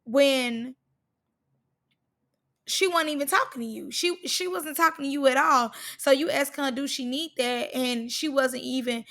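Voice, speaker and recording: A woman's voice: high voice, measured pace, fairly bright tone. A woman recapping a reality show in casual, slangy speech, stressing points by repeating words.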